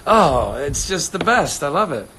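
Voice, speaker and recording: A man's voice: fairly high pitch, very animated, unhurried, sharp tone, a little hiss or hum. A man in his thirties hosting a casual livestream, answering viewer comments in a playful, rambling way and slipping into accents.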